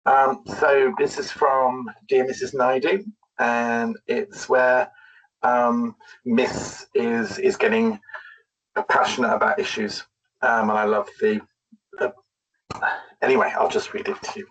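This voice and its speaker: Man, book discussion participant, reads with a mild stammer, husky tone, a bit distant from the mic. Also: mid-range voice, animated, slow, fairly bright tone. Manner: mild stammer when reading aloud. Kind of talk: reading a passage aloud and discussing it.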